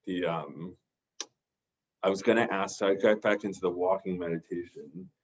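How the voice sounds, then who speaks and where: A therapist appearing as a podcast guest tells a personal story, rambling casually with lots of restarts and fillers. His voice is low-pitched, and the sound quality is lo-fi.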